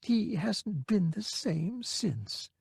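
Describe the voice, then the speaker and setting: A man's voice: sits high, very animated, drawn-out words, darkish tone, husky, no room sound, studio quality, pitched above the performer's own voice, heavily acted. A man voicing an anxious, apologetic middle-aged woman.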